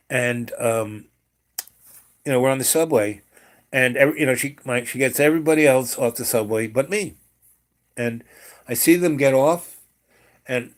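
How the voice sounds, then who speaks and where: A man telling a long family story in casual talk, wandering off on tangents with lots of fillers and restarts. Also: mid-range voice. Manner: rambling, digressive, many fillers and restarts.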